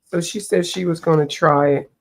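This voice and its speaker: Coloring on her livestream, this host chats casually in a deep, gravelly voice with fairly even intonation at normal speed. She rambles, hunts for names, and is a little stuffy from allergies.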